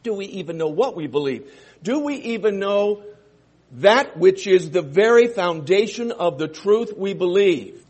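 A man preaching a sermon, reading scripture and explaining it, with loud emphatic stresses and quieter asides. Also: sits high, animated, measured pace, slightly rough. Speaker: pastor.

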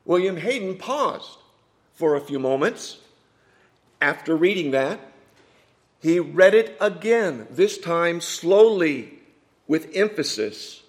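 A man preaching a sermon, telling a story with dramatic swings from hushed asides to loud emphatic points. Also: a little high, very animated, takes it slowly, long pauses.

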